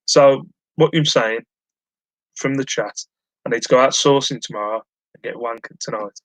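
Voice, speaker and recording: A man's voice: mid-range voice, normal speed, dry recording, rough recording. Rambling man hosting a live stream. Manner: rambling, self-mocking, fillers and restarts. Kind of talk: casual chat while reading live chat.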